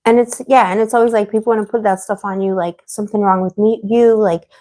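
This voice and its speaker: A woman's voice: mid-range voice, fairly even intonation, fast talker, hardly any pauses, warm tone. A woman hosting a tarot live stream, chatting casually with viewers, rambling and getting heated as she vents. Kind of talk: casual livestream chat answering viewers.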